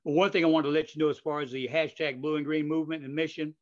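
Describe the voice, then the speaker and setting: An older man hosts a podcast interview as a casual chat, speaking fast in a fairly high voice with fairly even intonation. He rambles with lots of fillers, restarts and asides, and the audio is dull and lo-fi.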